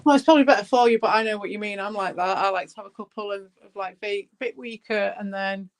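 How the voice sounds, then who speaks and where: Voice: mid-range voice, fast, gravelly, background noise. A speaker, rambling and swearing freely while chatting casually online as a co-host. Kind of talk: casual chat.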